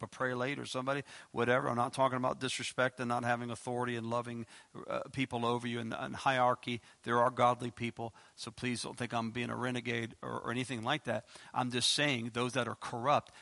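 Gravelly preacher with emphatic outbursts. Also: male voice, no room sound. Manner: animated, emphatic bursts of high-pitched exclamation; frequent stammered restarts. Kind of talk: expository sermon.

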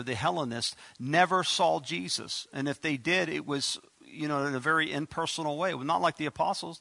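A man preaching a sermon as pastor, emphatic, with sudden loud bursts and quick asides. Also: on the high side, gravelly, dry recording.

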